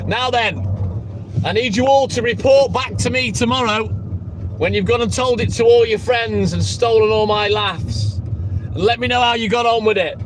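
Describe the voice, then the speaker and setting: Jokey man, high voice. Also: measured pace. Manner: jokey and self-mocking. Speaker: milkman livestreaming. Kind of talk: casual live-stream chat. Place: work van by a street. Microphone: phone. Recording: traffic noise outdoors.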